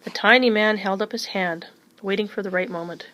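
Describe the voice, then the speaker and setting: A woman reading a children's chapter book aloud in a gentle, even storytelling manner. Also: medium pitch, brisk, noisy background. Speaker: reader.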